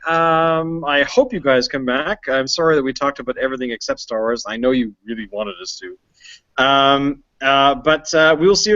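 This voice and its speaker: A man's voice: medium pitch, normal speed, bright, forceful tone, no echo. A man hosts a casual podcast in a mid-range voice, wandering through his points with plenty of ums and uhs. The sound is dry and close, and it comes through a little muffled and lo-fi. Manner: rambling with many fillers. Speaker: podcast host. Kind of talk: casual chat.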